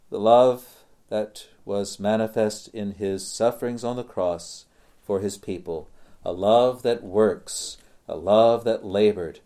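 A man preaching a sermon, slow and deliberate, repeating phrases for emphasis. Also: lowish voice, mellow.

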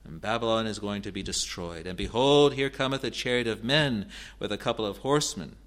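A man teaching through Bible verses in a halting way, often restarting and repeating words, and reading scripture passages aloud with rising emphasis. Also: on the low side, fairly bright tone.

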